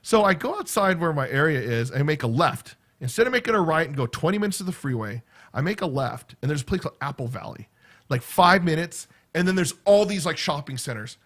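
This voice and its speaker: Very animated and brisk, a middle-aged vlogger talks to his viewers in a fairly high, bright voice. His casual chat rambles through one story after another, full of "right?" and "okay?" asides.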